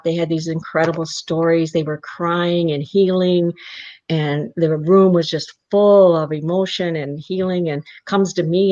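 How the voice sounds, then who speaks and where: A woman from South Dakota, a guest on an interview show, telling a personal story and acting out the voices of the people in it. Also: low voice. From South Dakota, Rosebud Reservation. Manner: animated storyteller who acts out the voices in her anecdotes. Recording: muffled lo-fi audio.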